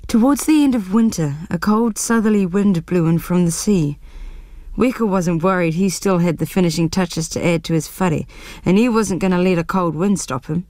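A woman reads a children's story aloud. Her voice is mellow and gentle, close and dry, with expressive pacing. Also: lowish voice, moderate pace, dry recording. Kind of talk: storybook reading.

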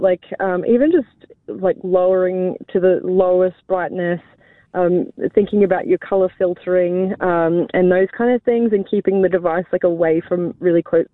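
A woman's voice: on the low side, no room sound. A woman researcher talking on a phone interview, chatty with frequent ums and small laughs. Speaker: sleep researcher guest. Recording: tinny phone line, dry.

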